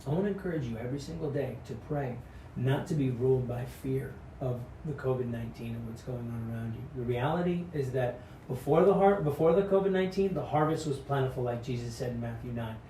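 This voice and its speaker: A man's voice: mid-range voice, a little fast, warm tone, a little hiss or hum. A man giving an earnest devotional sermon that urges courage and repeats key phrases, recorded off-mic in a room. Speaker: pastor. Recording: echoey room, mic at a distance.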